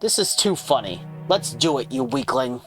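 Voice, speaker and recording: A cruel, contemptuous spirit posing as a scornful father, as a man puts it on. It sneers through its lines at a middle pitch. Game music plays clearly behind. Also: very animated, moderate pace, fairly bright tone. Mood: sneering.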